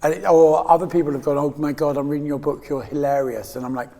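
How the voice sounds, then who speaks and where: A man's voice: fairly high pitch, steady tone, fast talker, mellow, long reverb tail. A man in his fifties from England, guest in a candid interview, talking in a rambling, emotional way with frequent laughs and restarts. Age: 50s.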